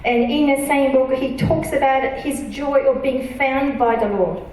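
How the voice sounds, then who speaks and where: Female pastor, higher voice, earnest sermon delivery, church room echo from a distance. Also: darkish tone, slight background noise. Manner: earnest, emphatic, reads scripture slowly. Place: church auditorium. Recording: echoey church hall from a distance.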